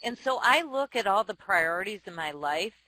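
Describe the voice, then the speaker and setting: A woman in her forties, a company chief and author, answering interview questions with frank, self-deprecating stories, quick laughs and restarts. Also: mid-range voice, lively intonation, pushed and bright, low-quality recording. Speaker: company CEO and author, guest. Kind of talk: candid interview storytelling.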